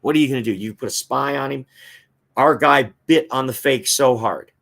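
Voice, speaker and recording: A man's voice: medium pitch, moderate pace, gravelly, a bit bright. A man hosting a football talk show, giving fan opinions and reading viewer comments in a casual, chatty way with frequent filler words.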